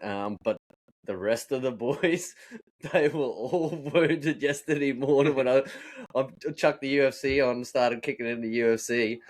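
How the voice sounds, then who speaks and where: A man's voice: mid-range voice, moderate pace. A man, a podcast co-host and roofer, telling rowdy, profane work stories in casual chat. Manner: profane, animated storyteller acting out rants.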